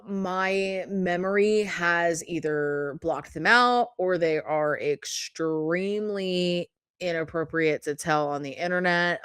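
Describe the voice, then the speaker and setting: A woman in her mid-thirties hosts her own podcast and tells stories in a loose, chatty monologue, full of fillers and casual swearing. Her voice sits a little low for a woman. The sound is dry and close, with almost no room around it. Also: smooth, no echo. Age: 30s. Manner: chatty, swears freely, lots of "like" and "um". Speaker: podcast host.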